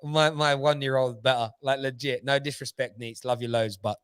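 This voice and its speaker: Boastful man, crisp and dry. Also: mid-range voice, fairly even intonation, normal speed, fairly bright tone, no room sound. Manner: boastful, teasing, laughs often. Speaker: co-host of a football fan show. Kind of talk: casual banter on a live stream.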